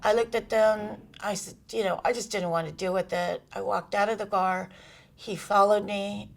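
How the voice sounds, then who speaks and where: A middle-aged woman as an interview guest, telling a personal story candidly, with pauses, fillers and soft laughs. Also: medium pitch, creaky.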